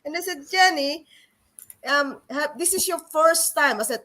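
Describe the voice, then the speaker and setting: Woman, lively storyteller, slightly high voice, video call chat. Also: measured pace. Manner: animated, acts out quoted voices, non-native English. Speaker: co-host.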